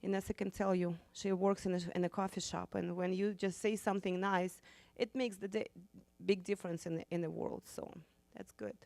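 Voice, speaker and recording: Woman, church testimony, non-native English, bright laughing storyteller, dry close sound. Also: mid-range voice, fairly even intonation, brisk, creaky, hardly any pauses, no room sound. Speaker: women's ministry speaker. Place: church meeting room.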